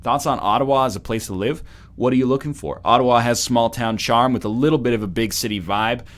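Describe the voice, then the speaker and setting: A man's voice: mid-range voice, fast talker. A Canadian man hosting a let's play, chatting in a rambling, jokey way while he games. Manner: rambling, jokey, animated storytelling. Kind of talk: casual gaming commentary.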